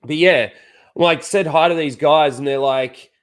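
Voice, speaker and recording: Young Australian host, casual profane storyteller, loose and rambling delivery. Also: male voice, on the high side, unhurried. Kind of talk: casual chat.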